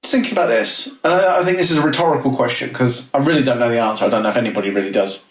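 A man's voice: medium pitch, very fast, echoey room, distant mic. A man hosting a podcast in a laid-back, casual chat, laughing easily and swearing now and then. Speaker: podcast host.

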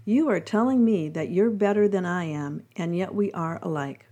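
A woman's voice: lowish voice, moderate pace, dark tone, close to an everyday voice. Bumpadoo, a stubborn timid caterpillar voiced by a woman. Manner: stubborn, indignant storybook voice. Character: timid male caterpillar who thinks he is a worm. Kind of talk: storybook reading.

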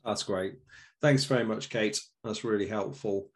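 A man's voice: fairly low pitch, steady tone, normal speed. A man hosting an online panel, enthusiastic and hesitant, with frequent fillers. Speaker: event host.

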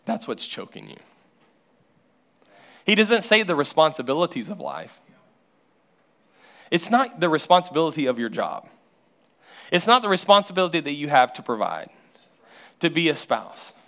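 A man's voice: fairly high pitch, big pitch swings, normal speed, pauses often, fairly bright tone. A male pastor preaching a sermon in a church, telling stories and acting out people's voices.

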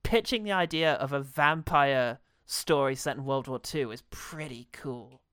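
A man's voice: medium pitch, measured pace, a bit bright, smooth, no room sound, studio quality. A man co-hosting a podcast in casual chat, playful and sarcastic, laughing often. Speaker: podcast co-host.

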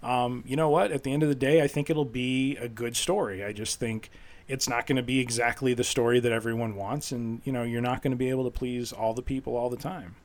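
Man, mid-pitched voice, podcast co-host, casual chat, earnest, sarcastic asides. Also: fairly even intonation, fairly quick.

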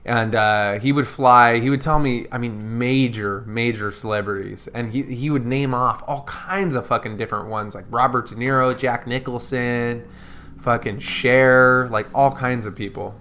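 A man's voice: mid-range voice, steady tone, normal speed, a bit bright. Rambling, swearing male podcast host. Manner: rambling storyteller, many restarts and profanity. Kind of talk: casual chat.

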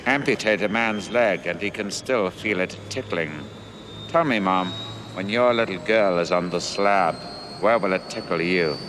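An icy, taunting killer. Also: male voice, low voice. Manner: slow, mocking, coldly menacing. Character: icy, taunting middle-aged male killer psychiatrist. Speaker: film character. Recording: noisy film soundtrack clip.

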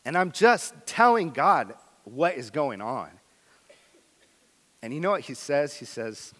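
A man preaching a sermon as pastor, earnest and candid, moving between loud emphasis and quiet intensity. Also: fairly high pitch, animated, takes it slowly. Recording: long hall reverb.

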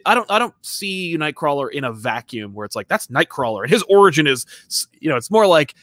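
A man's voice: a little high, brisk, no room sound. Chatty podcast man, dry close sound. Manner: rambling, animated, reads out listener comments. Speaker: podcast co-host. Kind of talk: casual chat.

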